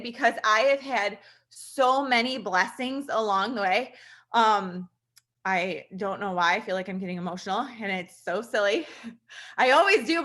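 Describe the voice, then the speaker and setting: With a fairly high, sharp-toned voice, a woman in her thirties shares her story. She's a registered nurse giving an earnest, chatty testimonial, casually addressing the audience as "you guys."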